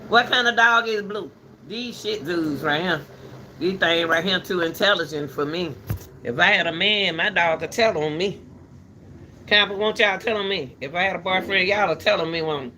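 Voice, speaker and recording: A woman hosting a casual rambling chat, animated and talkative, turning between her dogs and her viewers. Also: fairly low pitch, normal speed, slight background noise. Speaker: commentary channel host.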